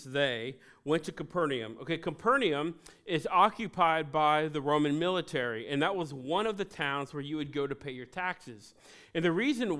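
A male pastor delivering a sermon in a church service, his voice sitting a little high for a man. He talks in an easy conversational way, slipping in quick jokes aimed at the congregation between points. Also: a bit bright. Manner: conversational, with joking asides to the congregation.

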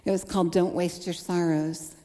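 A woman's voice: fairly low pitch, steady tone, normal speed, dark tone. A woman in her forties giving an earnest testimony sermon, acting out her own past thoughts as she tells the story. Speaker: speaker. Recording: long hall reverb.

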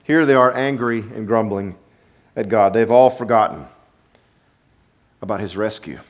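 A male pastor preaching a sermon to his congregation in a church, animated, with sudden drops to a low murmur. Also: measured pace. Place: church sanctuary.

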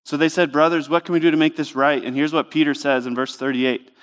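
A man's voice: a little high, flat delivery, fast talker, clean tone. A man preaching a sermon in a church, speaking in a conversational, emphatic way with lots of rhetorical questions. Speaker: pastor.

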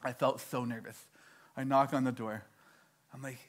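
A young man from Canada telling a stand-up story, animated and self-mocking, acting out his own dialogue. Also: mid-range voice, normal speed, long pauses. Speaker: stand-up comedian.

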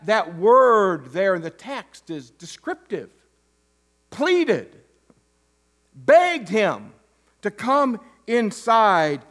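An interim pastor, a man with a high, slightly bright voice, preaches a conversational sermon full of joking asides. He restarts often and stumbles over words.

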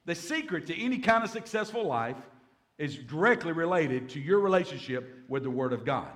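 A man's voice: fairly high pitch, lively intonation, normal speed, a bit bright. A man, a pastor preaching a Bible-teaching sermon in a folksy way, with humorous asides.

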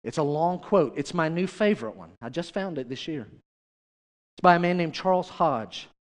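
A man's voice: a little high, lively intonation, moderate pace, long reverb tail. A male pastor preaching a sermon, chatty and direct, often turning to the congregation with questions.

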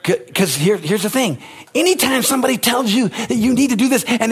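Impassioned preacher man, high husky voice. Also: expressive, brisk. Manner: impassioned, repeats phrases, swings from loud exclamations to low asides. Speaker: pastor. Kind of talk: sermon.

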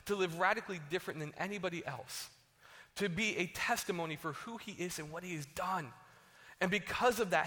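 A male pastor delivers a casual sermon in a loose, conversational way, peppered with "like" and "right?". His voice is bright and sits a little high for a man. A long hall reverb follows every line. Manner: conversational, heavy use of "like" and "right?".

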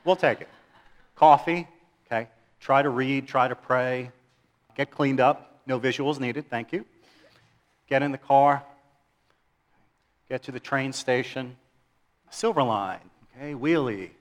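A middle-aged man preaching a sermon in a church, animated, asking his listeners questions and joking with them. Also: medium pitch, unhurried, long pauses. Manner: animated, asks the audience questions, jokes. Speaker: pastor.

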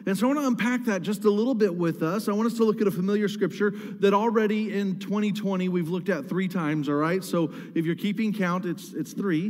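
High-voiced pastor preaching in a hall. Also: male voice, darkish tone. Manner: emphatic, repeats key words, asks the congregation questions. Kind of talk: sermon.

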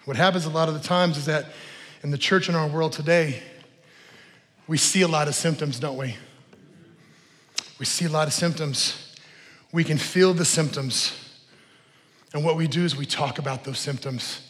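Middle-aged guy pastor preaching, high voice, big echoey church sound. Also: moderate pace, long pauses. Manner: animated preaching, storytelling with voiced asides. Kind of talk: sermon. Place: church sanctuary. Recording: long hall reverb.

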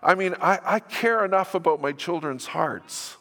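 A man's voice: high voice, moderate pace, bright, forceful tone. An older man preaching a sermon to his church, conversational and earnest, with self-deprecating asides. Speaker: pastor. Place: church sanctuary. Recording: echoey hall reverb.

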